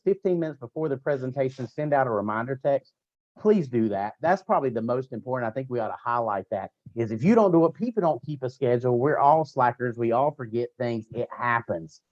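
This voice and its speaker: A network marketing team trainer gives his sales team an energetic motivational talk, packed with repeated slogans and direct coaching. His voice is medium in pitch, and the recording sounds muffled.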